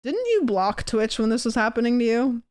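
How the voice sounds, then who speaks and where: A woman's voice: a little high, very animated, a little fast, darkish tone, a little hiss or hum. Chatty, self-mocking woman streamer. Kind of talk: casual chat. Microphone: desk mic.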